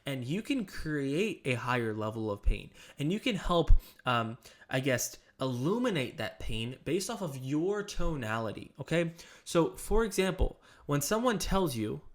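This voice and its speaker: A man's voice: medium pitch, very animated, moderate pace. Emphatic male sales coach. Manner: emphatic, direct, motivational. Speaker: sales trainer and channel host. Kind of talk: coaching monologue to camera.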